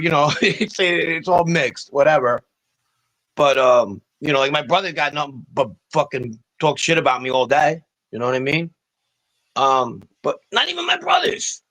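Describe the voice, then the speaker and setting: A man's voice: on the high side, lively intonation, normal speed, a bit bright, rough recording. Profane rambling man. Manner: profane, rambling street talk with mocking impressions. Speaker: guest. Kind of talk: casual podcast talk.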